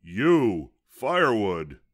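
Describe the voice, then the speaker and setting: A man's voice: sits low, lively intonation, slow, fairly bright tone, no echo, studio quality, heavily acted. A man voicing a grumpy, bossy male varmint who snarls and growls his orders, in a storybook reading. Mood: gruff.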